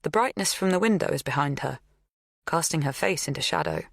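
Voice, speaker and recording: A woman narrating an audiobook in a measured, even reading. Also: low voice, creaky, dry recording, clean studio sound. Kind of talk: scripted first-person narration.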